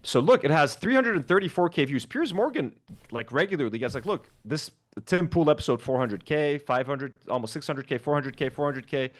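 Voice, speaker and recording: Animated, swearing man on a stream. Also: a little high, a little fast. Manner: animated, swearing, lots of fillers. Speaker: livestream co-host. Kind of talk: casual reaction stream chat.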